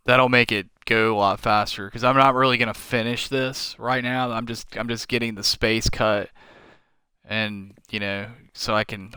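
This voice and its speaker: A tired man thinking aloud as he streams a game late at night, slow and rambling with many fillers. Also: on the low side, pushed and bright, smooth, no echo, clean studio sound. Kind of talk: casual live-stream commentary.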